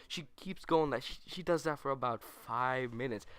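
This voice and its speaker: A young man who hosts a gaming channel tells a rambling story over gameplay in a mid-range voice with a clean tone and dry recording. He's animated and corrects himself, slipping in quick put-on quotes.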